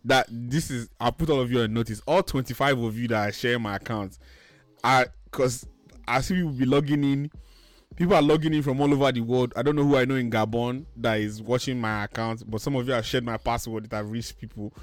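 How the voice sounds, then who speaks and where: A man's voice: mid-range voice, fairly quick, no room sound. A man hosting a podcast in casual chat, ranting animatedly and swearing freely. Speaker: podcast host.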